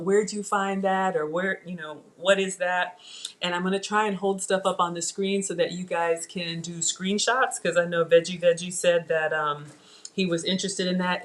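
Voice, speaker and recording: A middle-aged woman hosting a casual live cooking demo from her home kitchen, talking to viewers in a chatty, digressive way. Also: mid-range voice. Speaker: cooking show host.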